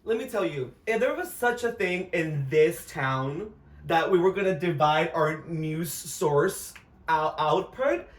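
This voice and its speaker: A man's voice: on the high side, expressive, slow pace. A man in his twenties with an American accent, co-hosting a podcast in casual chat, campy and dramatic, swearing freely. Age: 20s. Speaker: podcast co-host. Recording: echoey room, far from mic, faint noise.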